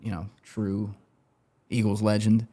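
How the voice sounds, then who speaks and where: A man with a fairly low voice spins casual stories as a podcast guest. He talks loosely, swears freely and laughs his way through his anecdotes. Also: little pitch movement, unhurried, mellow. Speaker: guest, former banker turned interviewer.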